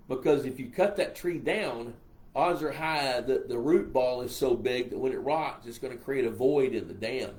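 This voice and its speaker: A man's voice: medium pitch, a little mellow. An older man with a Texas accent hosts a casual live stream, reading viewer comments and answering their questions in a folksy, rambling way. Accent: Texan.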